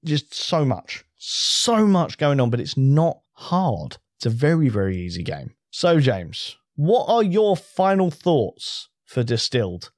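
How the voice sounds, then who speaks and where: A man's voice: a little high, sing-song, slow pace, few pauses, no echo, studio quality. A man co-hosting a casual board game chat, enthusiastic and rambling, often restarting his sentences. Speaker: co-host reviewing a board game.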